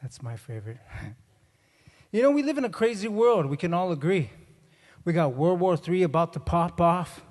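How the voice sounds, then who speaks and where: Man, middle-aged, stand-up comic, animated storyteller, slightly high voice, long hall reverb. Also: moderate pace. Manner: animated storytelling, acts out both sides of dialogues. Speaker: comedian. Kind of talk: stand-up comedy. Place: conference hall.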